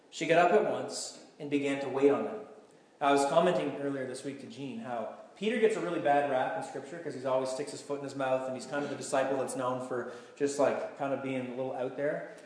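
A man, a pastor giving a conversational, emphatic sermon in a large hall. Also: a little high. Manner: conversational, emphatic, animated storytelling. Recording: echoey hall sound.

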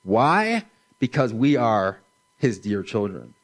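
A middle-aged man preaching a sermon in a slow, gentle, measured way, dropping his voice softly for emphasis. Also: on the low side, big pitch swings. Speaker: pastor.

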